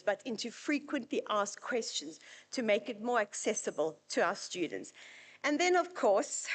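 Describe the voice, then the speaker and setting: A South African woman with a South African accent, giving a chatty, anecdotal conference presentation at a university event. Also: fairly high pitch. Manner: chatty, anecdotal, lightly humorous.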